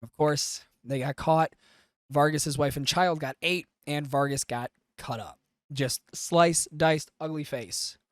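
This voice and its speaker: Male podcast host, casual and profane recapper, fairly high voice, dry close recording. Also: slow, no echo. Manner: loose, profane storytelling with frequent fillers. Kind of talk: casual anime review recap.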